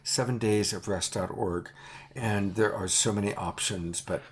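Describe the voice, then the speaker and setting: A man convening an online vigil, praising others warmly in casual chat with many fillers on a video call. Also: fairly low pitch, steady tone, unhurried, slight background noise.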